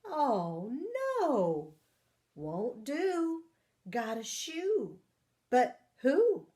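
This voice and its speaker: A woman voicing a fussy, excitable old grandmother from a children's picture book, exclaiming loudly in a raised pitch. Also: very slow, exaggerated voice. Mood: alarmed.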